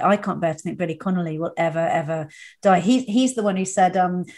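A woman's voice: on the low side, fast talker, a little mellow. A woman hosting a podcast in a casual interview chat, effusive and heartfelt. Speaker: podcast host.

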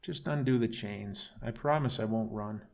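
A man's voice: lowish voice, moderate pace, creaky, a little mellow. A man voicing a menacing male raccoon turning human, who talks in a sneering, taunting way. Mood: mocking.

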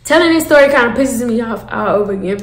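Young woman ranting a storytime to y'all, high voice, roomy echo. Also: quick pace, noisy background. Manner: animated, profane, addresses viewers as y'all. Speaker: storytime vlogger. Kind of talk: casual storytime.

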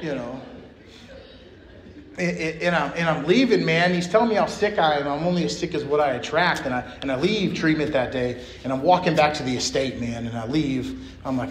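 A man's voice: fairly high pitch, fairly quick. A man giving a personal share at a recovery meeting, blunt and profane, full of street slang. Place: meeting room. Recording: echoey meeting room.

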